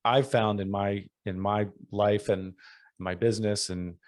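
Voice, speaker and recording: A man's voice: on the low side, steady tone, a little slow, no echo, clean studio sound. A man speaking as a guest in a casual interview, reflective and modest, with easy laughter. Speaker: podcast guest.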